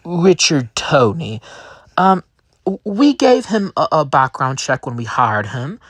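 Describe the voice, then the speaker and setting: Guy doing a stammery nervous company boss, kinda high, dry sound. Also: no room sound, exaggerated voice. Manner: stammering, apologetic. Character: flustered male company boss, sheepish and rambling.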